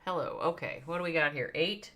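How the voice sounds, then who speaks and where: A woman's voice: low voice, brisk, bright, forceful tone. A woman with a Midwestern accent chatting casually with viewers on a live game stream, thinking aloud and reading out their names. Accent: American Midwestern.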